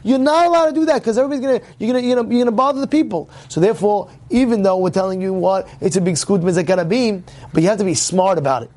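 A man's voice: high-pitched, rapid-fire, few pauses, darkish tone. A man teaching a religious class to his congregation, emphatic, repeating himself and asking rhetorical questions.

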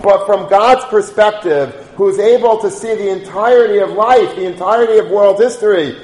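High-voiced man giving a Torah lecture. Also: moderate pace, a little mellow, reverberant, slight background noise, poor audio. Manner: storytelling, rises to chanting Hebrew liturgy. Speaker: rabbi.

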